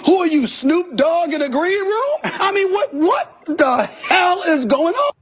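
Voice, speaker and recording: A man putting on a shrill, scolding voice that nags about weed in disbelief. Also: very animated, a little slow, a bit bright, highs cut off, exaggerated voice. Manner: squealing, incredulous scolding.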